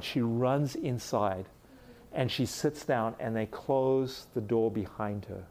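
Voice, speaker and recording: Animated middle-aged man preaching a story. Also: mid-range voice, takes it slowly. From Africa. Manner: animated storyteller, acts out quoted lines. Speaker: pastor. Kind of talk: sermon with storytelling.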